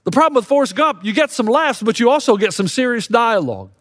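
A middle-aged male pastor delivers a sermon in a lively storytelling manner. His voice sits fairly high for a man. The sound is close and dry, with no room echo. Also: quick pace. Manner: storytelling, acts out quotes with rising intensity.

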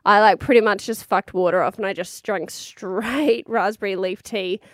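A woman's voice: medium pitch, fairly even intonation, moderate pace, dry recording, clean studio sound. A woman in her thirties with an Australian accent, telling a personal story in a frank, chatty way, swearing freely and laughing often.

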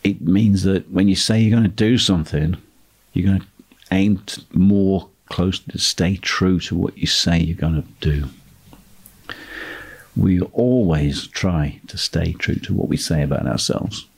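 A man talks through an instructional lesson on property investing, his voice sitting very low. There's a husky edge to his tone as he lays out points steadily and emphatically, circling back to repeat key phrases. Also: unhurried, darkish tone. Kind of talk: instructional monologue.

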